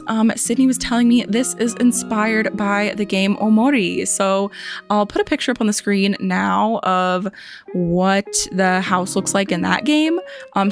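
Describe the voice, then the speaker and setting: A woman giving a casual, chatty tour of a game island, full of "like" and "um", joking playfully at the characters. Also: medium pitch. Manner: chatty, lots of "like" and "um" fillers. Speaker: gaming video host. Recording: faint music underneath.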